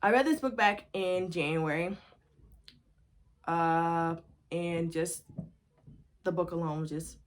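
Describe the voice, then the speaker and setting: A woman records a casual book review vlog at home. Her voice sits a little low, and she gushes, repeating phrases as she goes. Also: slow pace, pauses often. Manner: gushing, repeats herself. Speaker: book vlogger.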